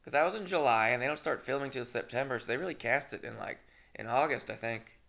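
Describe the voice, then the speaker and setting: A man in his thirties with a quick, gravelly, somewhat bright mid-range voice hosts a podcast. He tells a rambling, self-deprecating story in casual fashion, swearing often and restarting his sentences.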